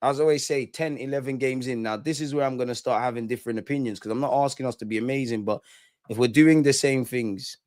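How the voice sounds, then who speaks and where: A man's voice: medium pitch, quick pace, a little mellow, no room sound, clean studio sound. A young man hosting a live football reaction stream, bantering, mocking rival fans and reading chat aloud. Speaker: football fan channel host.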